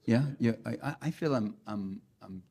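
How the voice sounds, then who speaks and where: This lecturing man from New York has a medium-pitched voice that's a little mellow and slightly rough, at normal speed. Addressing an audience in a college lecture hall over a cutting-out handheld mic, he's sardonic and mocking, with wry complaints on the side.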